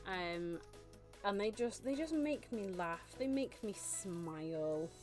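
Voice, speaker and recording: A woman's voice: medium pitch, expressive, slow pace, a little mellow. A woman chatting casually on a live stream, gushing and laughing often. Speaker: vtuber streamer. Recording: faint background music.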